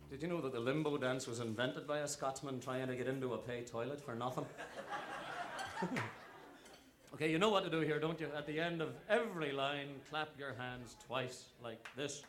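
A man's voice: medium pitch, normal speed, long pauses. A man hosting a radio show who tells jokes, chuckles at his own punchlines, and leads the audience in a sing-along. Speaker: radio host. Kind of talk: joke telling and leading a sing-along. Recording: loud noisy recording.

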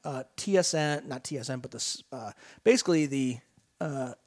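A man's voice: medium pitch, normal speed, darkish tone. A man co-hosting a sports talk radio show, ranting animatedly in casual chat with frequent restarts. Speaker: radio co-host.

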